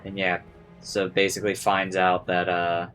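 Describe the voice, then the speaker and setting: A man's voice: sits low, normal speed, faint music behind. A young man giving casual, rambling commentary over gameplay, saying "like" a lot and swearing freely. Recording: steady background noise.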